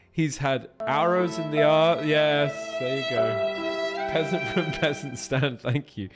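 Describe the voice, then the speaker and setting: A man, a voice actor, chatting casually with his stream viewers while playing a game, swearing freely as he answers their questions. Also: mid-range voice.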